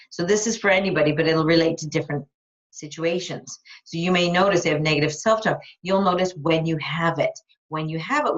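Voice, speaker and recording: A woman life coach on a live call, talking frankly and enthusiastically with casual swearing. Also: low voice. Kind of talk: live coaching call, answering a listener's question. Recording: dull lo-fi recording.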